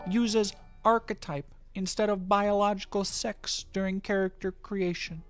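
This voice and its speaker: A man's voice: high-pitched, pitched above the performer's own voice. A man doing a smug Doctor Evil voice. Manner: slow, drawn-out mock reading. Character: smug male supervillain, pompous and nasal.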